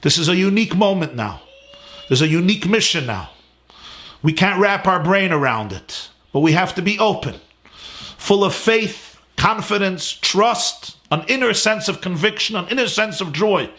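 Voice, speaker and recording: A man with a fairly high voice delivers a heartfelt class as a rabbi, recorded at home. He talks with steady conviction, pressing each point by listing words in a climbing cadence. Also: normal speed. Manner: earnest, emphatic, lists words in rising cadence. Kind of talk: sermon-style class. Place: his home.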